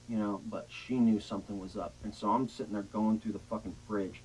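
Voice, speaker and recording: Young guy, lowish voice, rambling swear-heavy storyteller, faint noise behind. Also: fast talker, few pauses, low-quality recording. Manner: rambling, profane, animated retelling. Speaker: storyteller guest. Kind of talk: casual storytelling chat.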